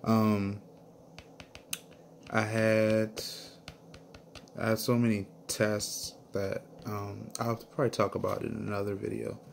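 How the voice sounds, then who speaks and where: Low gravelly guy talking slow and earnest, video diary vibe. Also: little pitch movement, a little hiss or hum. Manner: earnest, slow, emotional storytelling. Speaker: vlogger.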